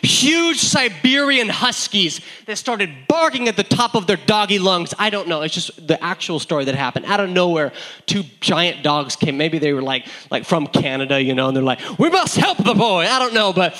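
A man from the San Diego area giving a sermon, telling stories with animated, self-deprecating energy and frequent restarts. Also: fairly high pitch, normal speed, rough recording. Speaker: pastor. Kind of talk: sermon with personal storytelling.

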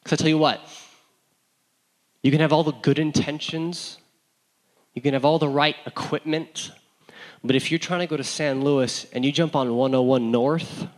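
A man from the San Diego area giving a sermon, telling stories with animated, self-deprecating energy and frequent restarts. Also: fairly high pitch, moderate pace, long pauses, rough recording. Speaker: pastor. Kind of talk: sermon with personal storytelling.

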